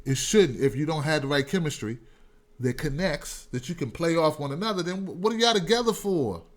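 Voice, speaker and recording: Animated high-voiced male stream host. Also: fairly quick. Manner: loud, animated, preachy joking asides to viewers. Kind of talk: casual live-stream talk to a chat.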